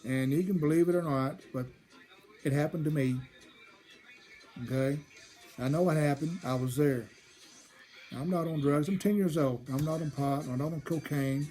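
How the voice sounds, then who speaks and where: A man's voice: fairly high pitch, normal speed, long pauses, mellow, soft background music. A man telling a personal story from his childhood, rambling and often repeating and restarting his phrases. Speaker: storyteller host.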